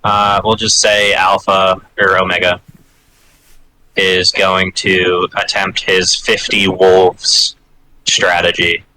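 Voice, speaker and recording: A man's voice: low voice, flat delivery, slow pace, bright, forceful tone, a little hiss or hum, low-quality recording. A man playing in a tabletop game, talking casually and bluntly, now and then swearing. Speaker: player. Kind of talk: casual chat.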